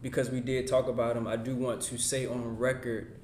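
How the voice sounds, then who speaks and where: A man's voice: medium pitch, level tone, a little fast, darkish tone, reverberant, slight background noise. A man hosting a podcast, closing the episode with heartfelt, plain-spoken words. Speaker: podcast host. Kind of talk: casual chat.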